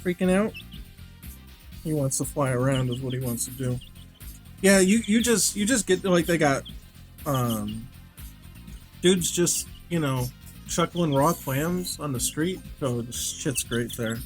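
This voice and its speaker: Lively laughing New man. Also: fairly high pitch, measured pace, long pauses, soft background music. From New York. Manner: animated storytelling with lots of laughter. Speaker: game developer streaming. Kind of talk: casual chat.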